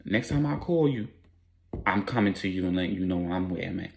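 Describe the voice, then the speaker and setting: A man's voice: low-pitched, animated, fairly quick, gravelly, voice pushed down. A man voicing a commanding male street boss who gives firm, blunt orders. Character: commanding male drug boss protecting his family.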